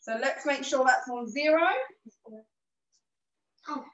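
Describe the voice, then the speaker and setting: A woman with a high voice leads a cooking lesson in a kitchen, giving patient, encouraging instructions. Her throat is a bit rough, with the odd cough. She sounds a step away from the mic, in a roomy space with dull, muffled sound. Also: slow pace, far from the mic. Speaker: cooking class host. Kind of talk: live online cooking lesson.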